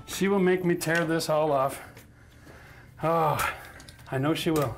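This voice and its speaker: A man's voice: fairly high pitch, steady tone, moderate pace, long pauses, fairly bright tone, soft background music. A man with a chatty, self-mocking manner who laughs often, teaching a casual DIY tiling tutorial on a bathroom job site. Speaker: renovation instructor.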